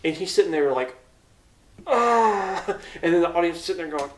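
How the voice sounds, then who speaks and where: A young man co-hosting a casual movie review podcast, retelling scenes in a rambling, animated way. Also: a little high, rapid-fire, far from the mic, a loud crowd. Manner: rambling, animated retelling with put-on quotes and laughs. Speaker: podcast co-host. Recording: echoey room, speaking away from the mic.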